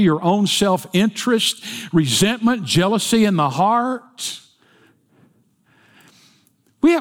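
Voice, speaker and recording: A preacher with a fairly high voice, telling folksy stories and jokes in his sermon. His voice carries a long reverb from a church hall. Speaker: pastor.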